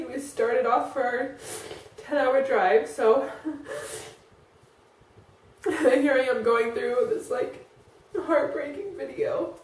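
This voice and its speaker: A woman's voice: high-pitched, slight background noise. A woman in her thirties telling a personal story to camera in a rambling way, full of "like" and restarts. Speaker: vlogger. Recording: roomy, distant from the mic.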